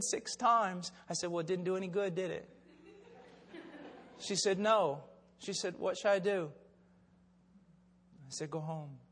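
Older male preacher, high-pitched voice, long hall reverb, storytelling sermon. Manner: swings from low, quiet storytelling to loud, shouted preaching.

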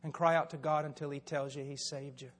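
Older male preacher, high-pitched voice, long hall reverb, storytelling sermon. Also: flat delivery, fairly quick. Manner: swings from low, quiet storytelling to loud, shouted preaching.

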